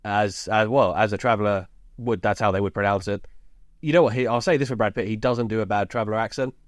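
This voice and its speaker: A man talks through a film like a friend telling a story, easy and chatty. His voice sits a little low. The recording is dry and close, with no room sound. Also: fairly even intonation, fast, dry recording. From England, around London. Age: 30s. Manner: chatty storyteller, recaps scenes with laughs. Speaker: podcast co-host. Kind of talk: casual film-discussion chat.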